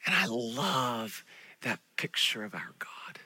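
A man preaching a sermon, telling stories with animated delivery and acting out the voices of the people in them. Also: medium pitch, slow pace, breathy edge. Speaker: pastor.

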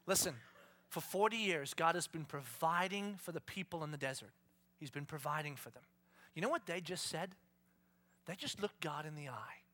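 Middle-aged guy preaching, acts out quotes loud, kinda high bright voice. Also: normal speed. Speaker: pastor. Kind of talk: sermon.

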